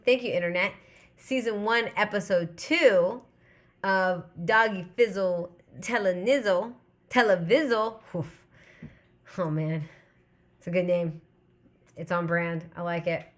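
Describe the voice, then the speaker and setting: A woman's voice: on the low side, slow pace, long pauses. A woman in her thirties hosting a live stream, chatting casually and reading viewers' comments aloud. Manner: rambling, chatty, reads chat aloud. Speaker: livestream host.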